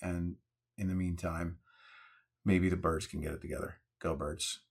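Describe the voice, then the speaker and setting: A man's voice: deep voice, flat delivery, moderate pace, vocal fry. A man hosting a casual vlog, chatting in a wry, jokey way while making a cocktail. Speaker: host.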